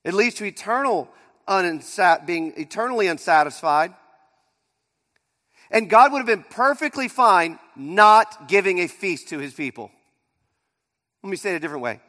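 A man with a high voice preaches a sermon in a church sanctuary. He drives some lines hard and drops others to a near hush. Long reverb hangs behind his words. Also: animated, moderate pace, long pauses. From Pittsburgh area. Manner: dynamic preaching, swings from loud emphasis to near-quiet. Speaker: pastor.

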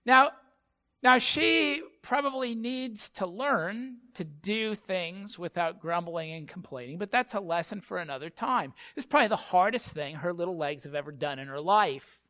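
Male pastor preaching, halting and repetitive, bright tone, slightly high voice. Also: expressive. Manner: halting storytelling, repeats words. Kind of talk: sermon.

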